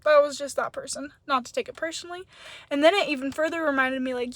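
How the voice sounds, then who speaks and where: Young woman vlogger, high voice, chatty storytelling, dry close phone sound. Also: fast, no echo. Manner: chatty, animated, acts out dialogue. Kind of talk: casual storytelling vlog.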